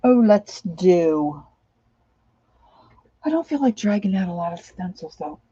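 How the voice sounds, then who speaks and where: A sleep-deprived crafting vlogger chats casually as she works on a project, rambling and humming or singing snatches to herself. Her voice is lowish and dark with a breathy edge, lively in intonation and measured in pace. The dull lo-fi home recording has no room sound.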